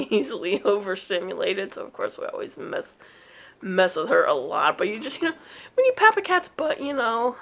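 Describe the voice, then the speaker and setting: A woman chatting casually in a crafting vlog, easily distracted and laughing often, scolding her cat now and then in a higher voice. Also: fairly bright tone. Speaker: cross-stitch vlogger.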